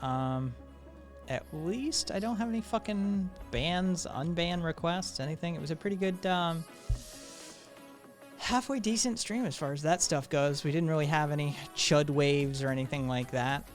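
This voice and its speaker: A man's voice: fairly high pitch, moderate pace, soft background music. A man hosting a live stream, chatting casually, swearing freely and reading viewer messages aloud. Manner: profane, animated, reads chat messages aloud. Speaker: streamer host.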